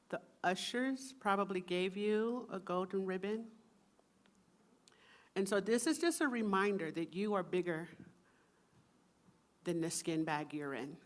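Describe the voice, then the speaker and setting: A woman minister giving a sermon to a church congregation, soft and meditative, with playful asides. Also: on the low side.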